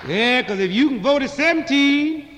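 Male comic, high voice, fiery and sarcastic political monologue, live hall echo. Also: expressive, moderate pace, crowd noise, noisy background. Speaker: comedian and speaker.

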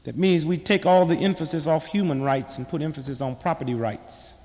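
Male comic, high voice, fiery and sarcastic political monologue, live hall echo. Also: a little fast, darkish tone. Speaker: comedian and speaker.

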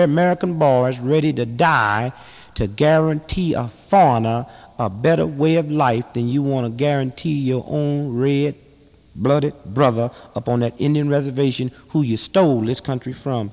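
A man delivering a fiery speech to a live audience, impassioned, rhythmic and sarcastic, swinging from loud to hushed. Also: mid-range voice, normal speed, highs cut off. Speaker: political activist speaker. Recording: long reverb in a large hall.

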